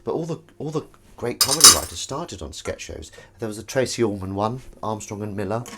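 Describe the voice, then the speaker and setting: A man's voice: on the low side, animated, brisk, background noise. A man chatting casually on a live stream while he washes up in his home kitchen, rambling and self-mocking as he reads viewers' comments. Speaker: streamer hosting a washing-up livestream. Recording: dish clatter in the background. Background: clattering dishes and cutlery.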